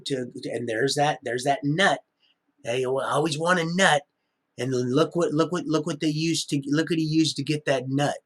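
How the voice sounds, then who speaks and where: A man's voice: a little high, a bit bright. A middle-aged man rambling through a live-stream monologue, often wandering off topic. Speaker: livestreamer.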